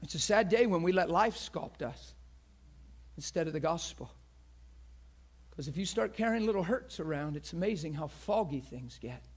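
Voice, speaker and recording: A man preaching a passionate sermon, swinging from loud, shouted peaks to hushed, near-whispered lines and acting out the crowd with gasps. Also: fairly high pitch, expressive, moderate pace, long pauses. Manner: acts out quoted crowd voices with gasps.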